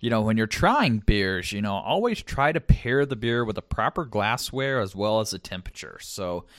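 A man co-hosting a podcast in casual chat, relaxed and chatty with lots of fillers. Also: on the low side, moderate pace, no room sound, studio quality. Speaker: podcast co-host.

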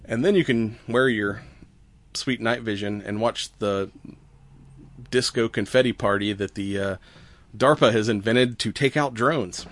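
A man co-hosting a casual podcast, explaining science news in a relaxed way, with fillers and easy laughs. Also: lowish voice, unhurried, a little hiss or hum. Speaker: podcast co-host.

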